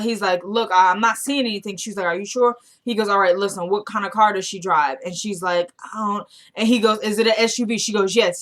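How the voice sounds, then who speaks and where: A woman's voice: medium pitch, a bit bright. A young woman chatting casually as she recaps a TV episode, retelling scenes by quoting the characters.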